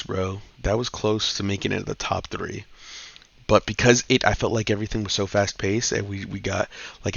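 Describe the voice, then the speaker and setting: A man with a low, gravelly voice talks through his comic picks in a loose, slangy, cussing style. He gets excited as he retells plots. The recording is dull and lo-fi, with a dry, close sound. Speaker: comic book reviewer host. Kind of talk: casual comic review.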